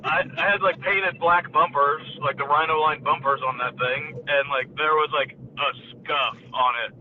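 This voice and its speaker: A man's voice: fairly even intonation, normal speed, a little hiss or hum. A man calling in, telling rambling stories from his day and quoting the people he met. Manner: rambling anecdotes, quotes people in a higher voice. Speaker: caller. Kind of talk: casual storytelling. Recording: tinny phone line.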